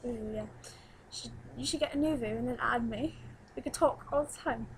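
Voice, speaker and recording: Teen girl, fairly high voice, giggly, rambling webcam chat, faint background hiss. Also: a little fast, rough recording. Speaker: new vlogger.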